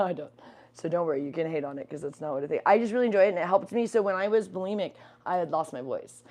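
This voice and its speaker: A woman's voice: fairly low pitch, expressive, fairly quick, darkish tone. A young adult woman co-hosting a livestream from home, chatting in a rambling way with many fillers. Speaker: livestream co-host. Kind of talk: casual chat.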